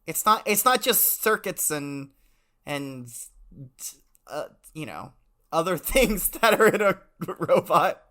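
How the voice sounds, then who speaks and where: Young male host in mock-professor role, lively bright delivery, flustered laughing banter. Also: on the high side, slow. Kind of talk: comedic podcast banter.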